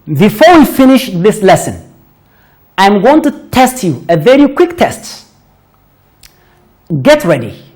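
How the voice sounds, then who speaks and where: Slow, lively-voiced woman teaching phonics. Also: mid-range voice. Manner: slow, deliberate, praising pupils often. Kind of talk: phonics lesson for children.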